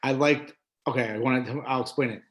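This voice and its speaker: Man, sports podcast co-host, rambling, lots of fillers, ordinary middle pitch. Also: fairly even intonation, a little fast, fairly bright tone. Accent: New Jersey. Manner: rambling, full of fillers like "like" and "uh", laughs easily. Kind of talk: casual sports chat.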